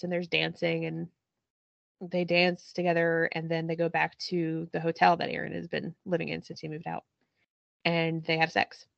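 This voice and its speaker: A female podcast host with a lowish, gravelly voice edged with vocal fry recaps a TV show in loose, casual chat, laughing often and narrating scenes with plenty of swearing. The lo-fi recording sounds dull, dry, and close, with no echo or room sound.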